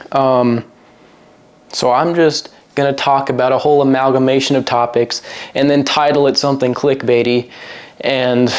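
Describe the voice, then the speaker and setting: A young man talking to the camera in a loose, rambling vlog monologue, crude and joking, with sudden tangents. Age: young adult. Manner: crude, joking, rambling, mimics others in a high voice. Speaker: vlogger. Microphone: single mic, a cappella opener.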